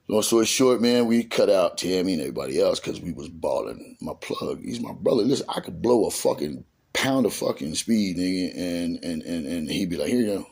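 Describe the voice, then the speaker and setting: A middle-aged man spins a long, profane story in loose street slang. His voice sits low and gravelly, with a husky, raspy edge, and he acts out the lines of people in his tale. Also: a little mellow.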